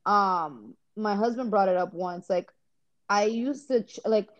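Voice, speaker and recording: A woman's voice: medium pitch, unhurried. A woman from the US East Coast, a podcast guest telling stories in a rambling casual way, with restarts. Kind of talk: casual conversation. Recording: dull lo-fi audio.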